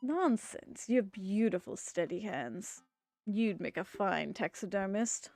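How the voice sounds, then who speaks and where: Brief: woman doing a gracious, soft-spoken gentleman in a game; unhurried, formal, dry close sound. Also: mid-range voice, lively intonation, no echo, faint music behind. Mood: admiring. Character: soft-spoken refined man, gentle collector.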